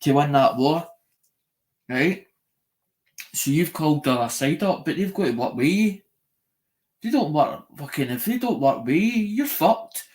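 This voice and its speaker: A man's voice: fairly high pitch, animated, normal speed, pauses often, darkish tone. A man ranting in a live-stream monologue, swearing a lot, repeating himself and restarting his sentences. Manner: sweary, repetitive, restarts often.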